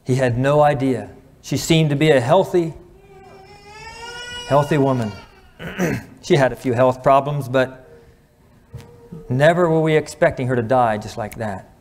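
Earnest middle-aged preacher man. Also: medium pitch. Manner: earnest, slows and drops to a hush at emotional points; clears his throat now and then. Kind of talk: sermon.

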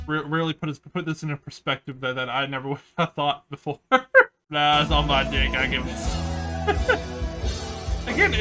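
A young man hosting a music reaction video, talking casually in a crude, rambling, joking way. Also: fairly high pitch. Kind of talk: casual album reaction commentary. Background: album playing in the background.

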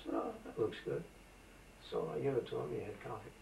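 An elderly man in his eighties, from Macedonia, reminisces in an oral history interview, wandering from one story to the next with lots of fillers. His voice is gravelly and sits at an ordinary pitch. It was caught from a distance in a roomy, echoey space with a faint hiss underneath. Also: brisk, darkish tone. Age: 80s. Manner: rambling, anecdotal, with frequent fillers. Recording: roomy amateur tape, voice from a distance.

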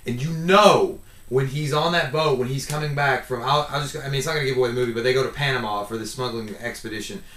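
A man's voice: mid-range voice, fast talker, few pauses, fairly bright tone. A man co-hosting a casual movie review, rambling with lots of fillers and restarts. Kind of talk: casual chat. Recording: roomy, mic far off.

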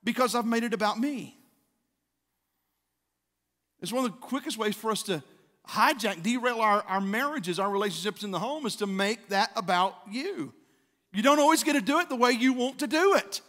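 A man's voice: sits high, expressive, moderate pace, a bit bright. A man, preaching a conversational sermon as a pastor and acting out quotes with growing fervor. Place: church sanctuary. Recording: long church hall reverb.

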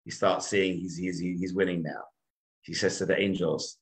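A man's voice: deep voice, flat delivery, moderate pace, rough recording. A male rabbi teaching by telling a story, acting out the characters' voices with frequent restarts. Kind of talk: animated storytelling lesson.

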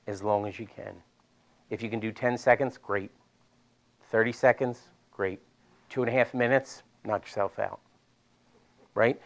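A middle-aged man with a Delaware accent leads a live seminar room through stretches. He talks in a chatty, animated way at an average pitch and often repeats himself for emphasis. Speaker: physical therapist presenter.

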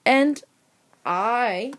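A woman's voice: fairly high pitch, extremely slow. A woman voicing a prim, fussy young girl cootie bug who talks in a prissy, scolding way. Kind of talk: cartoon voice acting.

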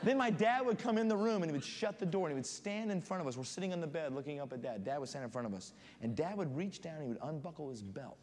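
A man preaching as a guest pastor in a church, reading scripture aloud and telling animated stories. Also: on the high side, fast, hardly any pauses. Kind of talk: sermon. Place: church sanctuary. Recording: long hall reverb, faint room noise.

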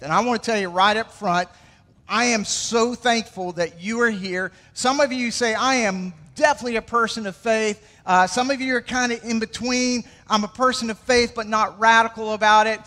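High bright Southern pastor in a hall. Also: male voice. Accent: American Southern. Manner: joking, playful crowd interaction. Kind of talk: sermon. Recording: long reverb of a church hall.

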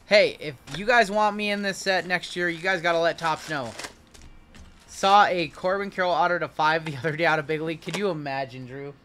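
A man's voice: fairly high pitch, fairly even intonation, brisk, sharp tone, slight background noise. A man hosting a live card break, chatting casually and calling out the cards as he opens packs. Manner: chatty, rambling, calls out cards. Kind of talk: casual live-stream chat.

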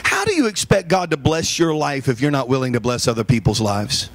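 A man's voice: a little high, very animated, a little fast, hardly any pauses, fairly bright tone, no echo. A male pastor preaching a sermon, telling personal stories and calling the congregation for amens.

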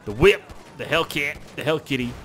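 A young man from Canada giving rambling, profane gameplay commentary with sudden excited yelps. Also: a little high, normal speed, a little hiss or hum. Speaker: gaming channel host.

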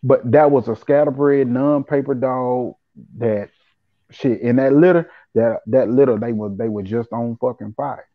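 A man telling a profane, animated story as a guest on a call-in talk show. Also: mid-range voice, a little slow, dry recording. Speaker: podcast guest. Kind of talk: casual storytelling. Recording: tinny phone line.

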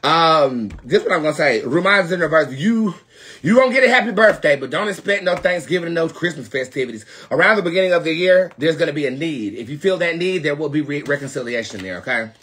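A young man from North Carolina with a Southern accent, hosting a live tarot reading stream and talking to viewers in a sassy, profane way that swings from loud to muttered asides. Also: a little high, lively intonation, fast talker, husky. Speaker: tarot reader, live show host.

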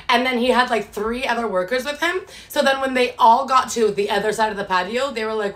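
High-ish voiced woman vlogging at home, rambly and chatty, cusses a lot. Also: fast, a bit bright. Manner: chatty, rambling, swears freely, retells stories with quoted voices. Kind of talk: casual vlog chat to camera.

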